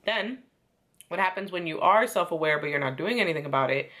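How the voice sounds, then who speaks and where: A woman's voice: fairly low pitch, animated, a little fast, pushed and bright. A young woman recapping a reality show in a casual, chatty way, filling her talk with "like" and "um" and acting out the quotes. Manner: chatty, lots of "like" and "um", acts out quotes. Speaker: recap host.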